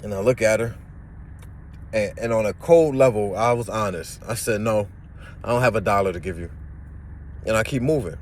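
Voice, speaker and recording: A man's voice: on the low side, a little fast, a little hiss or hum. A young man casually telling a personal story, acting out the voices of the people in it. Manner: animated, acts out voices in the story.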